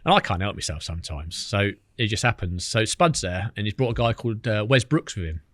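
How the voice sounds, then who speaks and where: A man's voice: lowish voice, expressive, brisk, fairly bright tone, dry recording, clean studio sound. A man, a podcast guest telling cheeky anecdotes and mimicking the people in them. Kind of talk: casual storytelling.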